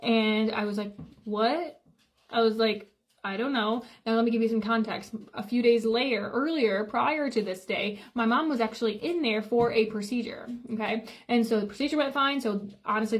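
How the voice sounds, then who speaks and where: A woman telling a personal story casually to camera, rambling and repeating herself as she quotes each exchange. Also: fairly high pitch. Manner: rambling, repeats "I was like" often.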